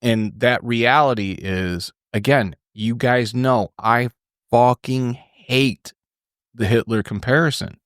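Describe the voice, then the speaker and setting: A man's voice: mid-range voice, slow, a bit bright, no room sound, studio quality. A man hosting a podcast, talking politics in a rambling, profane way with frequent restarts. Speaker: podcast host. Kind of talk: casual political chat.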